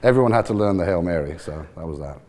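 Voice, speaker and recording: Low-voiced Irish-Scouse man in his 60s. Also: fast talker. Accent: Irish and Liverpool mix. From Ireland and England. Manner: relaxed, rambling, laughs easily. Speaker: team owner, interview guest. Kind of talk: casual storytelling interview.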